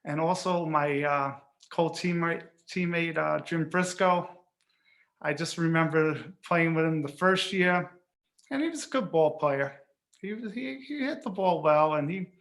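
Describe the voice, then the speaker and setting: A man giving an emotional hall of fame acceptance speech, halting and repeating words. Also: fairly high pitch, fairly bright tone.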